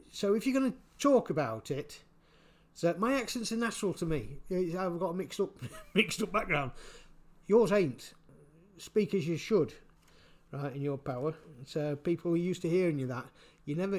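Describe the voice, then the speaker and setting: A man giving casual spoken commentary, halting and repeating his words, chuckling often. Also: fairly high pitch, a little mellow. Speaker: vlogger.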